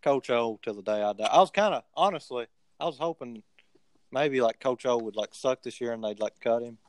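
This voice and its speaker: A man's voice: mid-range voice, brisk. A man co-hosting a casual sports picks podcast, joking and upbeat. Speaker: podcast co-host.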